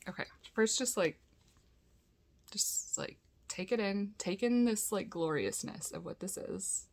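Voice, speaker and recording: A woman's voice: mid-range voice, animated, a little slow, creaky, darkish tone, poor audio. A woman vlogger chatting casually while unboxing tapes, gushing and giggly, often dropping into a whisper.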